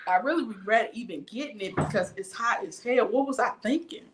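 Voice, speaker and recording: A woman with a fairly high voice tells a story on her livestream in an animated rant. She swears freely and acts out every voice in the tale. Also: fairly quick, noisy background. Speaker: livestream host.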